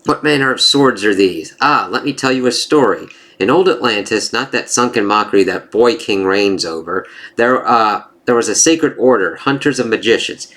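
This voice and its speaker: A menacing vampire hunter with a grand, boastful turn of phrase, read aloud by a man. The voice sits low and is delivered flatly, close to an ordinary reading voice. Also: normal speed, hardly any pauses. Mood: grandiose.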